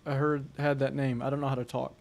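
This gaming streamer is a fast talker with a mid-range voice and vocal fry. He calls out plays with excited urgency and, between rounds, kicks back to joke casually with chat and friends.

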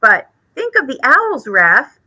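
Storybook: woman doing a high-voiced worrywart mother mouse, bright and jittery. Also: wildly swooping pitch, slow, full character voice, poor audio. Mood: anxious. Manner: anxious, pleading. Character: fussy, worried mother mouse.

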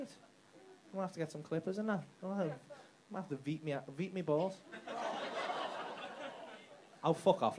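A man's voice: sits high, background noise. A man doing brash, sweary stand-up crowd work in a comedy club. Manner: brash, sweary banter with the audience. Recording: live club with loud crowd laughter.

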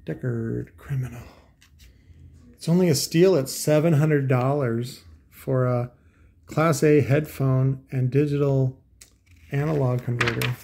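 A man's voice: mid-range voice, vocal fry, darkish tone. A man hosting a casual commentary, talking in a sarcastic, profane, rambling way full of asides. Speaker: host.

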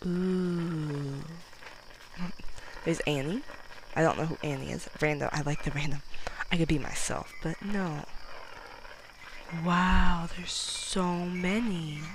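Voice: medium pitch, measured pace, pauses often, background noise. A gameplay commentator talking casually while playing, chatty and giggly, mocking themself and getting nervous when danger comes near. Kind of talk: casual let's-play commentary.

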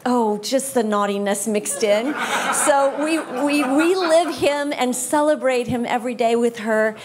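A woman's voice: on the high side, unhurried, noisy background. Earnest woman giving church testimony. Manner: heartfelt, earnest. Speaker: guest speaker.

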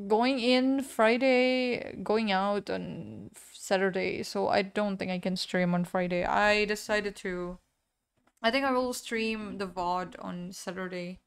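Slow-talking, smooth-voiced young woman streamer. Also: mid-range voice. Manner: chatty, apologizes often, reads and answers chat. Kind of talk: casual live-stream chat while gaming.

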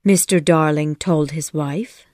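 A woman narrating a children's story audiobook in a measured, clear storytelling manner. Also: deep voice, a little mellow, no room sound, studio quality. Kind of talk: scripted narration.

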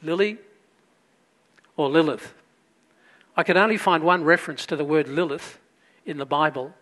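A man preaching a sermon as pastor, storytelling with loud emphatic bursts and quiet asides. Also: fairly high pitch, moderate pace.

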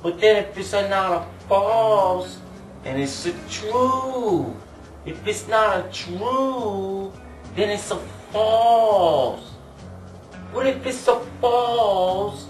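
Frazzled mock-Italian pizzeria guy played by a man, hammy and slow, slightly high, echoey and off-mic with music under it. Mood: puzzled. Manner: broken-English rambling, hammy and theatrical. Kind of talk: amateur comedy sketch. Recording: echoey room, distant mic, music behind.

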